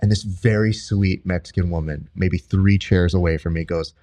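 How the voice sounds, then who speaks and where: A young man hosting a casual interview podcast, telling stories in an animated way and jumping high in pitch when he quotes people. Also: moderate pace. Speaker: podcast host and combat sports commentator.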